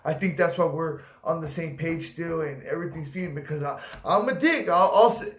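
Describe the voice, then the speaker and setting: Male storyteller, profane and rambling, slightly high-pitched, recorded in a reverberant room. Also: moderate pace. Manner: profane, rambling, acts out quoted voices. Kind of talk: casual storytelling. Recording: echoey room.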